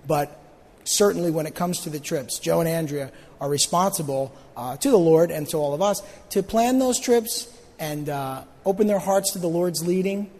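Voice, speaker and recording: A pastor, a man with a slightly high voice, introduces a guest speaker to his congregation. He speaks earnestly, pausing on small fillers as he goes. His words trail off into the long reverb of a church hall. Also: a little mellow. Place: church sanctuary.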